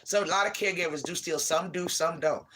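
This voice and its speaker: A man's voice: on the high side, a little fast, background noise. A man ranting to his viewers in a heated, profane, preachy way, talking into his phone. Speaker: vlogger. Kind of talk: casual rant to viewers.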